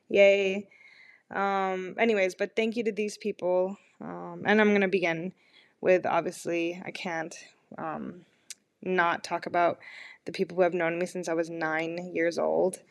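Candid rambling young woman podcaster. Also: fairly low pitch. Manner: candid, rambling, self-mocking. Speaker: podcast host. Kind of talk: personal podcast monologue.

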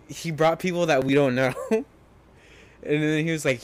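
A young man chats casually with a friend, his voice a little higher than average. He is laid-back, laughs a lot and curses freely. He often chimes in with quick agreement. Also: steady tone. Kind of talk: casual podcast chat.

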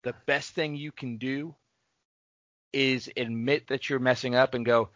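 A man co-hosts a casual faith-based podcast, his voice bright and forceful. He speaks earnestly and encouragingly, urging listeners on. The sound is dry and a bit dull, like a lo-fi podcast mic. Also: mid-range voice, steady tone, unhurried, no room sound. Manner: earnest, encouraging, sign-off announcements. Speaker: podcast co-host.

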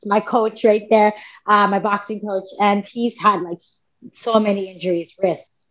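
A woman's voice: medium pitch, steady tone, a little slow. A woman, a podcast guest telling a long story in casual chat, rambling with many fillers and quoted self-talk. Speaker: podcast guest, MMA fighter and coach. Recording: dull lo-fi podcast audio.

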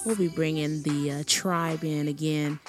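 A woman's voice: deep voice, steady tone, a little slow, music in the background. A woman hosting a podcast, talking in an encouraging, churchy cadence. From American South. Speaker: podcast host. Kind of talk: casual chat.

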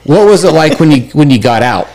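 Halting man host asking questions. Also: a little high, expressive, darkish tone. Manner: rambling, halting, restarts questions. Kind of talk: casual chat.

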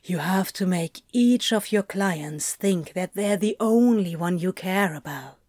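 Smarmy salesman, low and sly; woman narrator voices him. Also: a little slow, darkish tone, no echo, studio quality. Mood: schmoozing.

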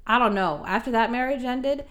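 A woman's voice: a little high, brisk. A woman co-hosting a podcast, chatting casually and retelling a reality show scene with acted-out voices. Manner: animated storyteller, acts out voices. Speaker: podcast co-host. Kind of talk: casual chat.

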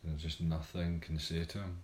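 Brief: man, very low voice, blunt and swearing, casual chat in an echoey room. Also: little pitch movement, a little fast, a little mellow, slight background noise. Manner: blunt, swears freely, wry and laughing.

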